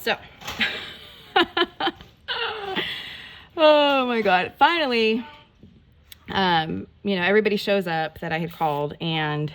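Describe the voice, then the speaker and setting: A woman telling a rambling, animated story in a casual storytime vlog while she does her nails, full of "like" and mild swearing. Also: medium pitch, takes it slowly, long pauses. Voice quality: gravelly, creaky voice. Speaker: nail vlogger.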